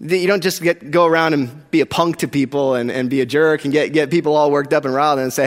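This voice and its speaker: A man's voice: on the high side, fairly quick, few pauses, a bit bright, long reverb tail. A man preaching a sermon in a casual, emphatic style, with slangy asides to the congregation. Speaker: pastor.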